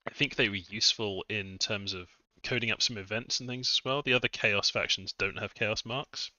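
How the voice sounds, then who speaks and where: A low-pitched man with a very bright, forward tone talks through a game session in a loose, chatty way, muttering asides and poking fun at himself. The sound is dry and close, a little dull and lo-fi, like a basic desk mic. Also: fairly even intonation, normal speed, dry recording. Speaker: game modder streaming a test session. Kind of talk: casual live-stream commentary.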